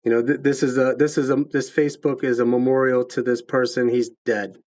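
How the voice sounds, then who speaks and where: A man's voice: medium pitch, level tone, brisk, a little mellow. A man hosting a casual conversation, talking in a reflective and earnest way. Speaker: podcast host. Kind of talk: casual chat.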